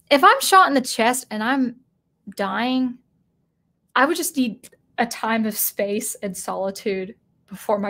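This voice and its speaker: Animated, slightly high-voiced woman commentator. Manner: animated, acts out quoted lines, frequent restarts. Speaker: commentary video host. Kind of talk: casual spoken commentary.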